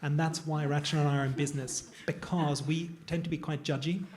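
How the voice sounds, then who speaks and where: A man's voice: on the high side, fairly even intonation, a little fast, darkish tone. A man, a plastic surgeon, talking casually on a panel to a live audience, digressive and self-deprecating. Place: event room with an audience.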